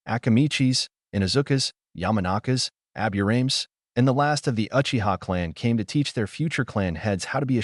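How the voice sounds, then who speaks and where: Low, lively man narrating fan fiction. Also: no echo, clean studio sound. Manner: reads every character in his own voice.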